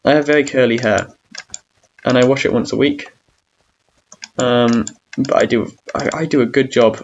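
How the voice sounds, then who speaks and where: Rambling young man with a gravelly voice. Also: mid-range voice, fairly even intonation, normal speed, pauses often, lo-fi sound, slight background noise. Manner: rambling, awkward, self-mocking; hums and sings between talk. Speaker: gamer streamer. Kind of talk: casual gaming commentary.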